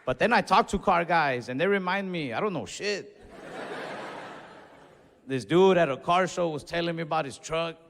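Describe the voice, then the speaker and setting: A man's voice: on the high side, moderate pace, gravelly, pauses often, fairly bright tone. A young man doing stand-up and telling a long story in a laid-back, profane way. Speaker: stand-up comedian. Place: comedy club stage. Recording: long reverb and faint noise, club stage.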